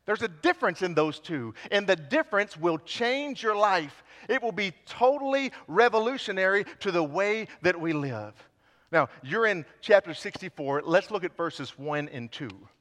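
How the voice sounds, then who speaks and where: A pastor with a high, fairly bright voice preaches in a church sanctuary, speaking animatedly at a normal speed. He is fervent and pleading, his intensity building as he goes, and a long hall reverb trails his words.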